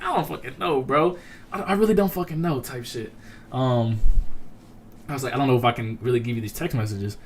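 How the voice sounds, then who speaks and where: A young man telling a profane, animated story on a casual livestream, acting out other people's lines. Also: mid-range voice, slight background noise.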